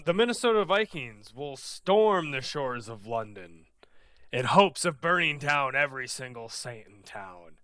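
Co-hosting a casual sports podcast, a man with a bright, smooth, clear mid-range voice delivers game previews as punchy, deadpan one-liners at a slightly slow pace. The recording is dry and close to the mic.

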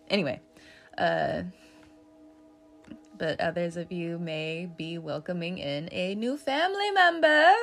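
A woman's voice: fairly low pitch, animated, a little slow, long pauses, a bit bright, faint music behind. A woman giving a casual tarot reading, chatty and joking, laughing often and swearing now and then. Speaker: tarot reader.

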